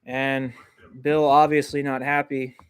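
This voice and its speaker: Man, livestream football reaction host, mid-pitch, rambling, flares up over bad calls. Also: unhurried, clear, resonant tone. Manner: excitable, jumps to indignant outbursts at calls; loose and rambling, many ums and restarts. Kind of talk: live football reaction commentary.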